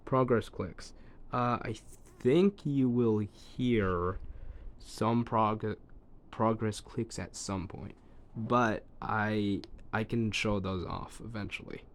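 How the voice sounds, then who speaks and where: Speaking slowly in a voice on the low side, a man shows off an old device in a relaxed, hands-on way. He's a tech reviewer recording on his phone, musing aloud with ums and asides that trail off.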